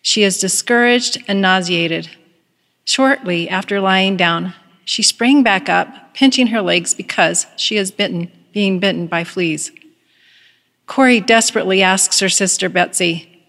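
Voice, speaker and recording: A woman giving a devotional address, reading a story in a measured, earnest way. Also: medium pitch, creaky, a bit bright, in a large hall. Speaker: devotional speaker.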